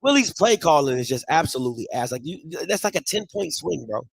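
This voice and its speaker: A man's voice: a little high, very animated, fast, vocal fry, husky, no echo. A man hosting a live watch party, reacting heatedly to a football game and arguing with his chat. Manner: heated, ranting, swears, mocks chat.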